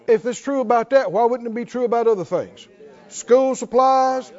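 A man's voice: very high voice, normal speed, darkish tone. A man preaching a sermon. He drives it with rhetorical questions and joking asides, and calls on the congregation to answer back. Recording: dull lo-fi sermon recording.

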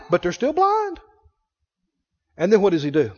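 High-voiced man preaching a sermon. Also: huge pitch swings, darkish tone. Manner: asks the congregation rapid questions. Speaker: pastor. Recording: dull recording in a reverberant hall.

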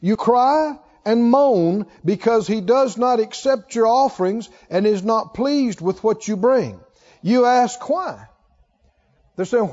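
A man preaching a sermon as pastor, slow and emphatic, leading his congregation in call-and-response. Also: very high-pitched, dark tone, in a large hall, dull audio. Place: church sanctuary.

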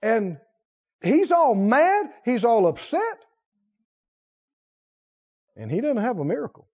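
A man's voice: very high-pitched, huge pitch swings, slow pace, a little mellow, lo-fi sound. A male preacher delivering a sermon, talking with animation, questioning the crowd and laughing now and then.

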